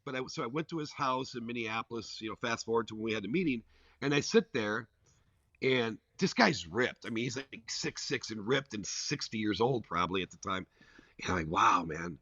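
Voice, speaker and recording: Male podcast guest, animated rambling storyteller, dull lo-fi mic with no room sound. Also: mid-range voice, brisk, no echo. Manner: rambling and animated, full of "like" fillers. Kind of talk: casual storytelling. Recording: dull, dry lo-fi recording.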